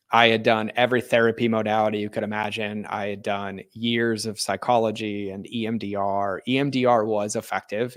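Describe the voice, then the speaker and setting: Low flat-voiced man telling his story. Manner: earnest, frequent "like" fillers and restarts. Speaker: podcast guest, entrepreneur. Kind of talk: candid personal storytelling.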